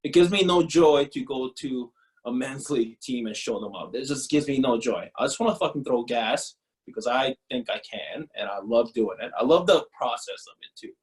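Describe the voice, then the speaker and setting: A man in his thirties, a former pro pitcher, talking bluntly and profanely in a casual interview, often laughing. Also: moderate pace, rough recording.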